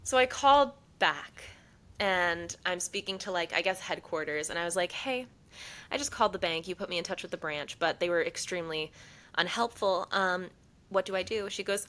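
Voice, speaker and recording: A young woman co-hosts a podcast in casual chat, with a bright, forceful voice sitting a little low. She tells a long story animatedly, slipping into the voices of the people she quotes. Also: normal speed, low-quality recording. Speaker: podcast co-host.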